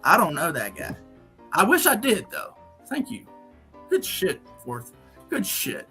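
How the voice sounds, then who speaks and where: A man hosts a casual livestream, reading out viewers' super chats while joking and laughing often in an animated way. His voice sits high and he speaks a little slowly, with faint music in the background.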